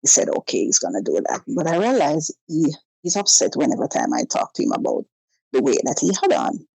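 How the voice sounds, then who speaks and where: A woman's voice: deep voice, huge pitch swings, fairly quick, gravelly, warm tone, breathy edge, no echo, low-quality recording. A woman, calling in and telling a personal story in a casual way, acting out both sides of the conversations. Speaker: caller.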